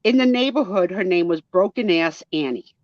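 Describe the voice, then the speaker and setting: Her voice is lowish and a little mellow, with lively intonation and a normal pace, and there's no echo, though the recording sounds muffled and lo-fi. She's in her sixties, has a New Jersey accent, and chats as a guest, telling family tales and doing impressions of people.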